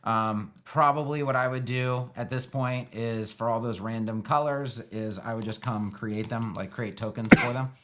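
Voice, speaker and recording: A man thinking out loud through a live web-building demo, loose and sarcastic, with lots of fillers. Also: medium pitch, steady tone, normal speed, hardly any pauses. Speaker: web design educator building a page live. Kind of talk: casual live screen-share tutorial.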